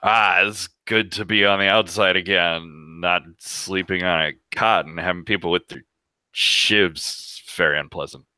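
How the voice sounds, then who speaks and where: A man's voice: sits low, measured pace, bright, forceful tone, no echo, heavily acted. A man voicing a polite, fussy male alien just out of prison, with a courtly, formal manner. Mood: wry. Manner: courtly, formal, a bit prim.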